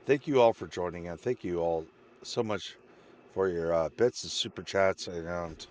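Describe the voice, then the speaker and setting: A man's voice: deep voice, measured pace, a little hiss or hum. A man streamer wrapping up a live stream, rambling and heartfelt, getting emotional as he thanks his viewers. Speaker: game streamer. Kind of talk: casual stream sign-off chat.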